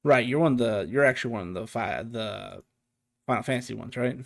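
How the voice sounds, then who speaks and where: A man in the game-master seat, narrating a fantasy scene at a mid pitch for a man. He thinks aloud as he goes, with plenty of ums and restarts and an amused edge. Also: a little fast, vocal fry.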